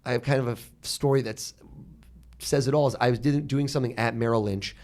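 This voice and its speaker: A rapid-fire American man in his thirties, chatting as a podcast guest. His pitch sits in an ordinary middle range. He tells stories with animation and slips into the voices of people he quotes. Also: steady tone, a little mellow. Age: 30s. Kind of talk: conversational storytelling.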